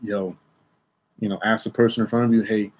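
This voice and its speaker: A man's voice: lowish voice, flat delivery, a little fast, a little mellow, a little hiss or hum. A young man, an airport security officer, telling a work story to his viewers in a chatty way, often checking in with "okay?" and restarting his sentences. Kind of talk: casual storytelling vlog.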